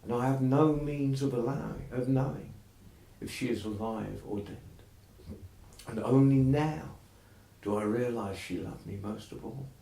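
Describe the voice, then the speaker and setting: A man's voice: mid-range voice, measured pace, vocal fry, mellow. A man putting on a grieving old father. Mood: remorseful. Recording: roomy echo.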